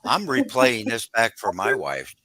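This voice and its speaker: A man hosting a live chat show, reacting with lively exclamations. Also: lowish voice, a little slow, crowd noise. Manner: animated, exclaiming.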